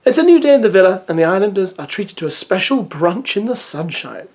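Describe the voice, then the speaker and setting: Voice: mid-range voice, sing-song, brisk, darkish tone. A reality TV recap host reading a press release aloud and giving casual, opinionated commentary.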